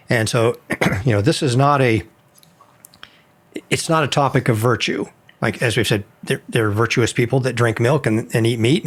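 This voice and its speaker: A man hosting a podcast, speaking in a measured, reflective way. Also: mid-range voice. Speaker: podcast host. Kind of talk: casual podcast discussion.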